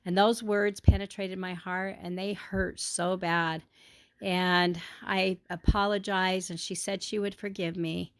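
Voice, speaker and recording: A woman with a fairly low voice tells a childhood story in an earnest, heartfelt way. She takes her time and lingers over her words. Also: little pitch movement, unhurried, a bit bright, smooth. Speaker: parent telling a childhood story in a family lesson. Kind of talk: personal storytelling.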